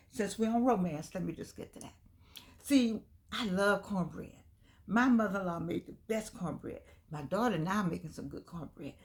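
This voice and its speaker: An older woman with a Southern US accent, talking casually to camera in a folksy, rambling way. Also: mid-range voice. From United States. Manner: chatty, folksy, digressing, with laughs. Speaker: vlogger.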